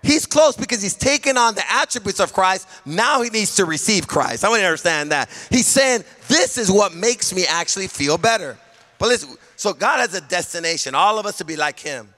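A man from California, a pastor preaching a sermon with emphatic delivery that often rises to a shout. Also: high voice, lively intonation, brisk, big-room sound. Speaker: senior pastor.

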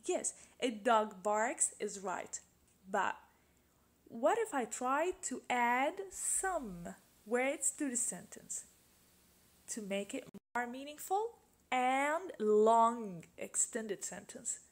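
A woman's voice: on the high side, sing-song, slow. A woman teaching an English grammar lesson, patiently asking questions and repeating example sentences.

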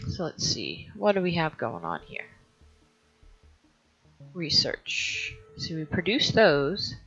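Lady talking slow through a game, kinda unsure, trails off a lot, muffled lo-fi sound. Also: sits low, huge pitch swings, a bit bright, slightly rough, soft background music. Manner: thinking aloud, hesitant, trailing off. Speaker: let's play host. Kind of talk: let's play commentary. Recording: dull lo-fi recording.

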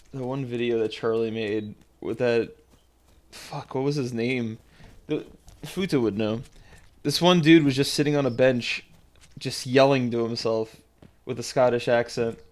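A man streaming a survival game, rambling casually, swearing and restarting his sentences. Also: medium pitch. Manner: rambling, profane, self-interrupting. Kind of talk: casual gaming commentary.

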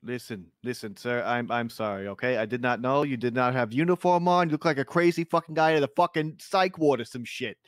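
A man's voice: mid-range voice, a little fast, hardly any pauses, dry recording, clean studio sound. A man in a rowdy improvised role-play, swearing heavily as he argues.

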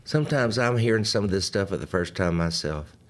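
A man's voice: deep voice, lively intonation, a little fast. An older man, hosting a live stream in a folksy, joking way and chatting with viewers. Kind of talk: casual live-stream chat and hymn singing.

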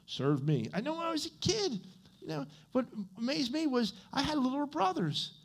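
A man pastor preaching a conversational sermon, often checking in with the congregation with "okay?" and "right?". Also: normal speed. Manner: animated, with swings in pitch and loudness. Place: church.

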